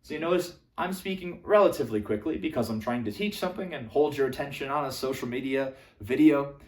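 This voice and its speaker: A man's voice: quick pace, roomy sound. A young man coaching social skills, teaching to camera and acting out voice examples. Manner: lively, demonstrates voices with big jumps in pitch and volume.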